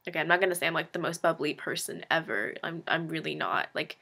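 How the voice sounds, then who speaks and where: A woman's voice: low voice, quick pace, creaky, bright, forceful tone, slightly rough. A young woman in her late teens talking casually to camera, rambling and self-deprecating, filling her speech with "like" and tossing in frank, sarcastic asides. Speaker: vlogger. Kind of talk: casual confessional monologue.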